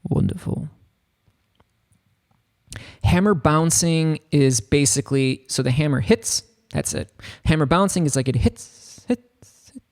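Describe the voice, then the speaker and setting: A man giving a casual, rambling tutorial on a software synth, talking loosely with lots of filler words. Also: on the high side, unhurried, long pauses. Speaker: music production tutor. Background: faint synth keyboard notes.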